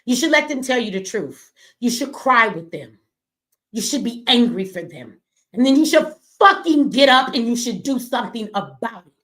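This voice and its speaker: A woman's voice: a little high, very animated, moderate pace, a bit bright. Heated, profane middle-aged woman ranting. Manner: blunt, profane, heated and preachy. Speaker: streamer and commentator. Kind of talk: impassioned livestream commentary.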